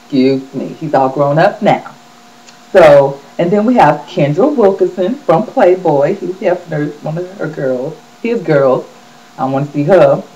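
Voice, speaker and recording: A woman hosts her own gossip vlog in a mellow, warm-toned voice. Her pitch jumps around with animated, sassy swings as she chats straight to viewers. The audio is dull and lo-fi. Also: measured pace. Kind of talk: casual celebrity gossip chat.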